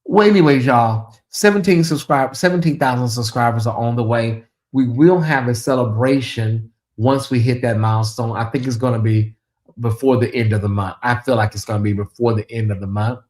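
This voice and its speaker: A man hosts a casual late-night livestream, drawling chattily as he reads viewer comments aloud and addresses the audience as "y'all". His mid-range voice is fairly quick with a darkish tone.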